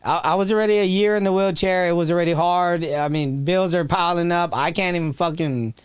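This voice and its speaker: A man's voice: high voice, fairly even intonation, fairly quick, clean tone, no room sound, clean studio sound. A man in his thirties, a podcast guest telling a raw, emotional story, swearing freely and restarting his sentences. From Texas. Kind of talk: candid storytelling interview.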